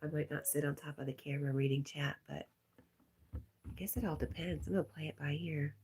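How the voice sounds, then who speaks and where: A woman hosting a livestream, reading out viewer comments in a casual, soft, often half-whispered way, with a stuffy nose. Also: low voice, fairly even intonation, fairly quick, a little hiss or hum. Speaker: livestream host.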